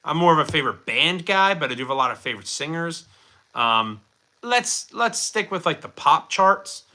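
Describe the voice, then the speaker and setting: A livestream host with a fairly high, sing-song male voice speaks at a normal pace, bright and forceful. He answers viewer chat in a rambling, chatty way packed with fillers, joking and poking fun at himself.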